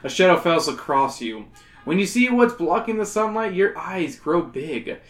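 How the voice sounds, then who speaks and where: A lower-voiced woman reads a children's book aloud on a comedy podcast, with a very animated pitch. She keeps stopping the reading to crack jokes. The sound is roomy and echoey. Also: unhurried, faint music behind. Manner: breaks off the reading for jokes and laughs. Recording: echoey room.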